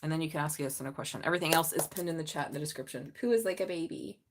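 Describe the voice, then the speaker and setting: A woman's voice: sits low, very fast. A middle-aged woman with a Southern accent hosts a live tarot reading, chatting and joking with viewers in a slightly mumbly voice. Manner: chatty and joking, laughs often, talks to the chat. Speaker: tarot reader hosting a live stream.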